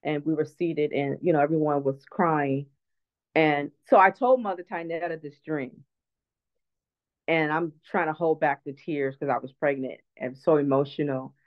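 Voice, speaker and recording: A woman's voice: low-pitched, moderate pace. Earnest woman over a tinny phone line. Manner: earnest, reflective, many restarts. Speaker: guest speaker. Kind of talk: personal storytelling in an online talk.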